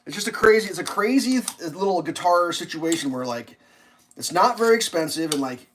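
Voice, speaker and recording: A man's voice: high voice, expressive, fairly quick, noisy background. A man casually rambling through a story on a live stream, swearing freely and acting out what others said in a raised voice. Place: home kitchen while cooking.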